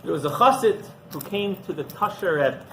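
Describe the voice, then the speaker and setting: A rabbi telling a story in a conversational sermon, halting and repeating himself as he goes. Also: sits high, lively intonation, pushed and bright. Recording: noisy background.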